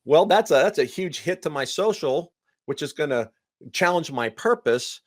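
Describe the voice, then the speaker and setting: As a guest counselor in a casual conversation, a man speaks animatedly, acting out other people's lines and repeating words in quick bursts. His voice sits on the high side, captured as clean studio sound with no echo.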